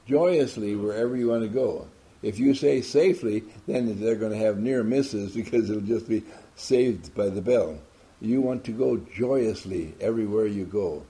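A man's voice: on the low side, animated, a little slow, dark tone. A man giving an emphatic motivational talk to a group, asking many rhetorical questions. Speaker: motivational speaker.

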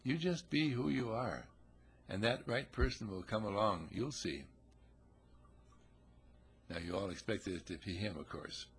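A man with a gravelly, husky voice telling a folksy, chatty parable to listeners. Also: lowish voice, unhurried, pauses often, a little hiss or hum. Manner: folksy, chatty, acts out characters. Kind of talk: conversational storytelling talk.

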